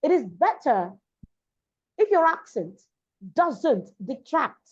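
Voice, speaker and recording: She's a Nigerian woman from Lagos who coaches diction and public speaking, and in this interview she explains emphatically and restates her key ideas. Her high-pitched voice is very animated yet slow, with a darkish tone, and the audio is dull and lo-fi.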